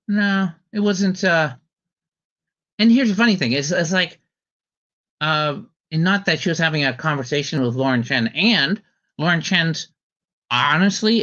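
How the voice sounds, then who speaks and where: A man's voice: a little high, sharp tone. A man hosting a casual podcast commentary chat, rambling with many ums and restarts. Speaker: podcast host. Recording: slightly dull lo-fi audio.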